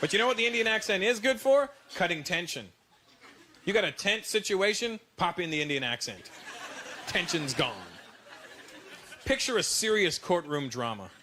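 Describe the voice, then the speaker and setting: A Canadian-accented man doing stand-up with a brash, animated, mock-confidential delivery. His voice runs high for a man, heard over loud, noisy live-stage sound. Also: moderate pace, crowd noise. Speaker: stand-up comedian. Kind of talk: stand-up comedy routine. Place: stage before a live audience.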